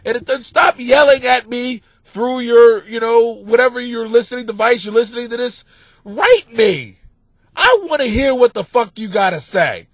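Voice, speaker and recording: A male comedian hosting a podcast, delivering a crude, profane monologue that swings between muttering and loud yelling. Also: very high-pitched, breathy edge, no room sound.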